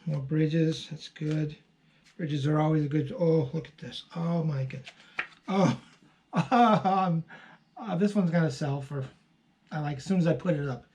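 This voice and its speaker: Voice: medium pitch, a little slow, darkish tone. An online postcard seller hosting a casual unboxing video, chatting and gushing over each card with frequent fillers.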